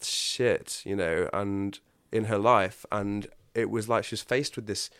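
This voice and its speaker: A man's voice: lowish voice, steady tone, a little slow, a bit bright, clean tone, no echo, studio quality. A man, telling his personal story in a candid, confessional way on a podcast, often restarting his sentences. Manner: earnest, confessional, frequent restarts. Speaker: podcast guest.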